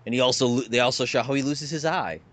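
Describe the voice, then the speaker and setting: A man's voice: mid-range voice, quick pace, fairly bright tone. A man co-hosting a casual podcast chat, animatedly explaining a show and pointing out pictures. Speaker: podcast co-host.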